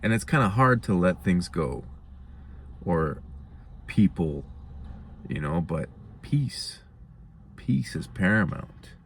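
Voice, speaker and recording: A man's voice: low-pitched, expressive, slow, vocal fry, pauses often, a little hiss or hum. A young man hosting his own show, musing in a laid-back, rambling way. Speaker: host. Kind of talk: casual monologue.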